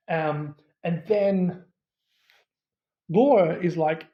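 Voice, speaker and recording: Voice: mid-range voice, drawn-out words, pauses often, reverberant, lo-fi sound. A movie reviewer casually retelling a horror film's plot, with many fillers and quoted asides.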